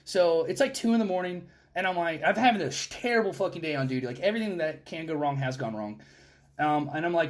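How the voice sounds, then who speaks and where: A man who is a guest on a podcast, a Marine instructor, telling stories in a rambling, animated and heavily profane way, with frequent restarts. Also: a little high, fast talker. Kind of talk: casual storytelling chat.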